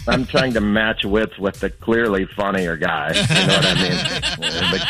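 Very low-voiced man telling a funny story. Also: a little slow, loud music behind the voice, low-quality recording. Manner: rambling, amused, acts out quoted lines. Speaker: caller to a radio show. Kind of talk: casual storytelling.

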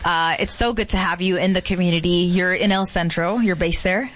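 A woman hosts an interview in a fairly low voice. She is friendly and complimentary toward her guest, and her talk is loose, with fillers. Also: steady tone, fairly quick, fairly bright tone. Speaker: show host. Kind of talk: casual interview chat.

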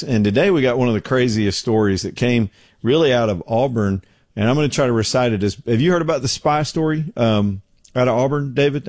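Broadcasting from his home studio, this middle-aged man hosts a relaxed talk show, telling folksy stories laced with jokes. He has a mid-range voice with a darkish tone, and there's no echo.

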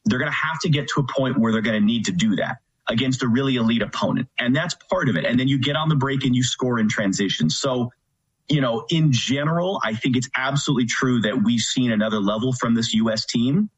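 A man, a play-by-play commentator appearing as a guest, breaking down the game in a measured way. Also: mid-range voice, husky, muffled recording. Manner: measured, analytical. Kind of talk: analytical sports talk.

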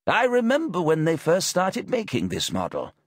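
A croaky, frail old gentleman in his late sixties, hard of hearing, talks fussily and politely and drifts off rambling, as an audiobook narrator puts him on. His voice sits well above the narrator's own, husky and close to a dry mic. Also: fairly high pitch, huge pitch swings, normal speed, dry recording, voice pushed up. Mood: genial. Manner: fussy, polite, rambling about old motorbikes.

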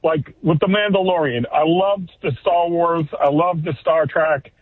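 A man calling in to a radio show, chatting casually and haltingly, repeating words as he starts. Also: a little high. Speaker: caller. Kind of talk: casual phone-in chat. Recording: tinny phone line.

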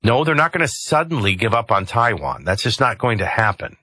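A man's voice: on the low side, big pitch swings, brisk, pushed and bright, dry recording. A man hosting a talk radio show, commenting conversationally with rambling asides and hesitations into a studio microphone.

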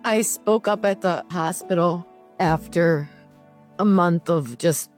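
Quiet low-voiced woman caller. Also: takes it slowly, faint music behind. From California. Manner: quiet, hesitant, emotional short answers. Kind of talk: phone-in conversation.

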